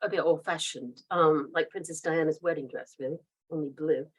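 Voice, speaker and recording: A woman's voice: low voice, steady tone, moderate pace, slightly rough, low-quality recording. A woman in her fifties with a mid-Atlantic accent between American and British, telling stories in a rambling, chatty way as a guest author and laughing often. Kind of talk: casual interview storytelling.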